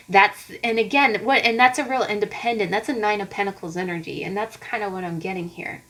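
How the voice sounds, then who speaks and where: A woman's voice: medium pitch, moderate pace, few pauses, a bit bright, low-quality recording. A woman giving a casual tarot reading straight to her viewers, rambling and conversational with lots of fillers and restarts. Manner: rambling and conversational, many fillers and repeated starts; speaks directly to viewers. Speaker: tarot card reader.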